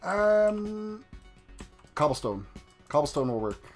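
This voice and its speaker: A man's voice: sits high, very animated, takes it slowly, soft background music. A man hosting a live game stream, chatting playfully and joking as he plays. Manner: chatty, playful, reads chat aloud and jokes. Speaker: live-stream gamer host. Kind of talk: casual live-stream commentary.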